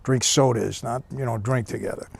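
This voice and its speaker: A man's voice: mid-range voice, fairly even intonation, moderate pace, gravelly, a little hiss or hum. A man telling a personal story in a casual, conversational way, often dropping in "you know.". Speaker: storyteller recounting prison years.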